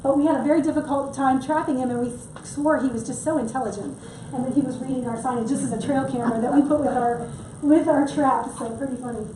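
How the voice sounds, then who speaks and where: Talking fast in a high, mellow voice with a steady tone, a middle-aged wildlife presenter gives a conversational public workshop sprinkled with jokes. A distant mic picks her up in an echoey room, with a slight hiss or hum.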